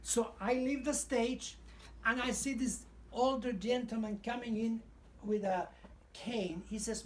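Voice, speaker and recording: Brief: older Cuban-accented male raconteur, animated, acts out voices. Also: very high-pitched, a little slow, slight background noise. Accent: Cuban Spanish. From Cuba. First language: Spanish. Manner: animated, acts out quotes and sings snatches. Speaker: retired stage singer. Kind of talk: reminiscing storytelling.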